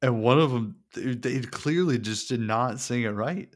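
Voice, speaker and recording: A man's voice: mid-range voice, normal speed. A man co-hosting a podcast in a laid-back casual chat, laughing along often. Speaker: podcast co-host.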